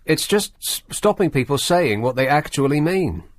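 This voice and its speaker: A man's voice: a little high, big pitch swings, normal speed. A man hosting a radio talk show, making wry, dry quips to callers. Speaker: radio host. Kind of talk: late-night radio talk.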